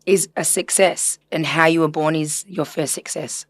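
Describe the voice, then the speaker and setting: Low-voiced woman, earnest and reflective. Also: fairly even intonation, normal speed, no room sound. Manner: earnest, reflective, chatty with filler words. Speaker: systemic therapist guest. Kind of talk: casual podcast conversation.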